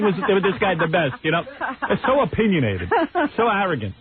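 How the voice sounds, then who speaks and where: A man's voice: high-pitched, big pitch swings, fairly quick. A man hosting a radio show, riffing in mocking, sarcastic comic banter. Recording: tinny lo-fi radio broadcast.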